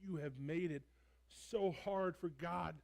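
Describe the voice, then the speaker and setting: A man's voice: a little high, slow, gravelly, darkish tone. A man voicing a compassionate Jesus in a sermon role-play, speaking earnestly and directly. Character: compassionate Jesus rebuking the Pharisees.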